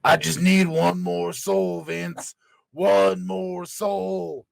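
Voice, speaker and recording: A man doing an impression of a brooding male wrestler, slowly pleading for one more soul, his throat strained. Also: sits high, flat delivery, creaky, dry recording, full character voice. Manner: slow, drawn-out pleading.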